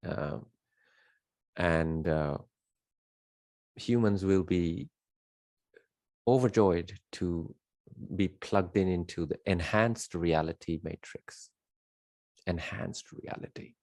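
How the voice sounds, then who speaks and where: A man with a very low, deep voice talks through an unscripted spiritual monologue. He leans hard on key words and repeats them, rambling along with fillers. The sound is dry and close, with no room echo. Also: slow pace, long pauses, a little mellow. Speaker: spiritual teacher.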